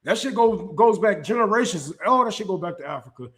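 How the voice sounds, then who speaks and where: A man's voice: high-pitched, animated, a little fast. A man hosting a casual opinion livestream, talking in a heated, profane, emphatic way with frequent restarts. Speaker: livestream host. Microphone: streaming setup mic.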